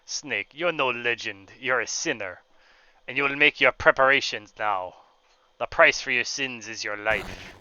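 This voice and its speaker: Pyro villain, slow and menacing, bright edge, a gamer reading the lines. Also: male voice, mid-range voice, lo-fi sound. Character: cruel male flamethrower villain, boastful and menacing. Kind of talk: reading game dialogue aloud.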